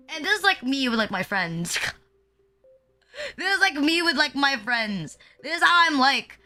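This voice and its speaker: A woman's voice: high-pitched, big pitch swings, normal speed, sharp tone. A young woman from the Philippines, chatting casually on a live stream in a rambling, self-deprecating way full of "like" fillers. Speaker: VTuber streamer.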